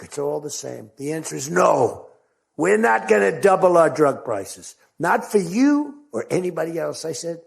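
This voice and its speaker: A man's voice: on the high side, creaky, a little mellow, breathy edge. A man giving an unscripted political speech at a podium microphone, rambling and boastful, acting out the conversations he retells. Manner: rambling, digressive, boastful storytelling; acts out quoted conversations with shifting voice. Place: large meeting venue.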